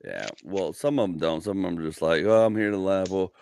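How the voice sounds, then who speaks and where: A man's voice: low-pitched, fairly quick, vocal fry. A middle-aged man, a comedian hosting a casual chat, telling stories and acting out the people in them. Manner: animated, acts out voices in anecdotes, laughs loudly. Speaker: comedian and podcast host.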